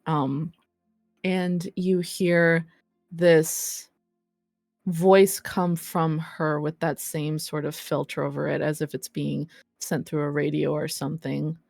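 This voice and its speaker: A woman narrating as game master of a tabletop role-play, deliberate and unhurried with occasional fillers. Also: low voice, level tone, creaky, darkish tone, no echo, clean studio sound, soft background music.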